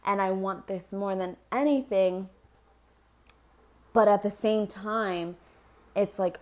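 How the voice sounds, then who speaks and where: A woman's voice: mid-range voice, unhurried. A young woman telling her pregnancy story in a candid personal vlog, rambling, laughing often and swearing freely. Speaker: expectant mother.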